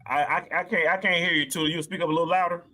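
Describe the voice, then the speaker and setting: A man's voice: on the high side, fairly even intonation, rapid-fire, sharp tone. A man hosting a live call-in show in an easygoing way, who stammers and repeats words. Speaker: host.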